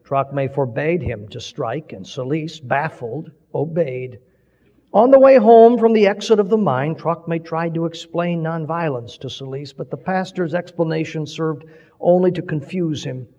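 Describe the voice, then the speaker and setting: A man's voice: a little high, unhurried, mellow. A man preaching, telling a story with swelling, dramatic delivery. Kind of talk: sermon storytelling. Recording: dull recording with long hall reverb.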